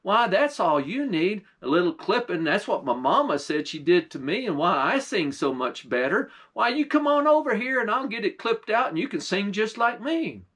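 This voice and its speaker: A sly, cheerful young trickster from a told folk tale, as a man puts him on. He coaxes in a smooth, folksy drawl, his voice a bit high. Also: big pitch swings, normal speed, hardly any pauses, fairly bright tone, exaggerated voice. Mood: coaxing. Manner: smooth-talking, folksy and coaxing.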